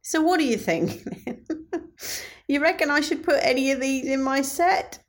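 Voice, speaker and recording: A woman's voice: high voice, moderate pace. A woman comedian, chatting casually to camera in a dry, sarcastic way and laughing often. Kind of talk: casual vlog chat.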